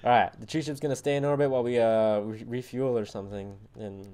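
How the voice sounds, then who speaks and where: A young man co-hosting a co-op game session, excitable and teasing, swearing freely in slang-heavy banter. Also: medium pitch, fast talker, smooth. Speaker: gaming channel co-host. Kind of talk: casual co-op let's play banter.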